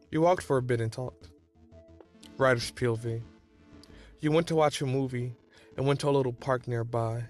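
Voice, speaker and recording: A man reading fan fiction aloud in a plain, even way. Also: mid-range voice, normal speed, pauses often, soft background music. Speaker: reader.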